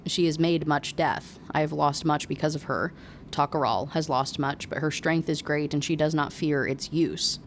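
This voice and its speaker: A stern male spider alien with blunt, halting speech, read aloud by a woman. The voice sits low and plain, with a faint hiss behind it. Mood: solemn.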